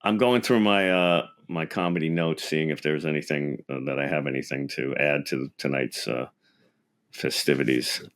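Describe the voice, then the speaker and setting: A man co-hosting a comedy podcast, telling stories in a rambling, self-deprecating way with halting restarts. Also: a bass voice, fairly even intonation, fairly bright tone. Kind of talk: casual comedy podcast banter.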